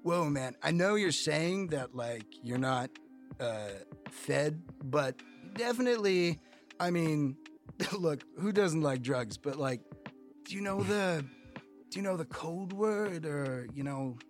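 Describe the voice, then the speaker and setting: A man's voice: fairly high pitch, animated, slow, faint music behind. A man doing a drawling stoner dealer. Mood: laid-back. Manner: drawling, loose stoner talk. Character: strung-out, tattooed male street dealer, laid back.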